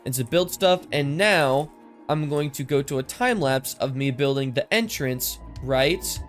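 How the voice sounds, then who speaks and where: A man's voice: medium pitch, measured pace, faint music behind. A man giving casual, rambling game commentary, easily amused, his esses sounding a bit lisped through his microphone filters. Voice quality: lisp-like sibilance from mic filters. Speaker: gaming commentator. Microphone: desk mic with processing filters.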